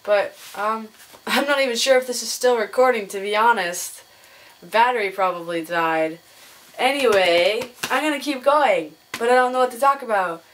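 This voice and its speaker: A young woman talking casually into her camera, her voice sitting a little high. She is chatty and laughs often, slipping into higher voices to mimic people in her stories. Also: normal speed, fairly bright tone, a little hiss or hum. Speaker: vlogger. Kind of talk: casual chat.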